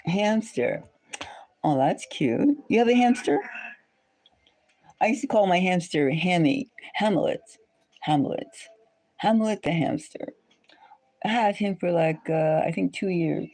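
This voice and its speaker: A woman's voice: fairly low pitch, expressive, slow pace, pauses often, darkish tone. A woman hosting a live stream, chatting casually with viewers in a rambling way and repeating phrases over and over.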